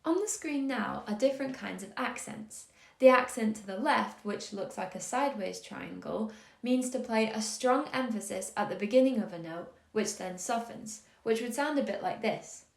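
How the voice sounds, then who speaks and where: A woman giving a scripted music theory lesson, explaining in a calm, measured, clearly paced way. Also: a little high. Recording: roomy echo on the voice.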